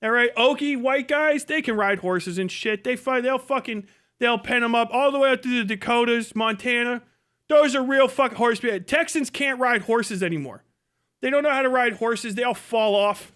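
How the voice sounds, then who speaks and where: A man's voice: very high voice, normal speed, fairly bright tone, smooth. A man hosting a livestream, ranting crudely and mockingly, laughing often. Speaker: livestream host. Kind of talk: profane comedic rant.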